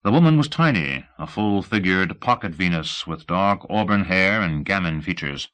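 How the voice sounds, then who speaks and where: A man's voice: expressive, moderate pace, fairly bright tone. A man narrating an audiobook of a science-fiction novel, shifting his voice for the characters; an old cassette recording. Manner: changes pitch for characters. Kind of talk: reading a novel aloud.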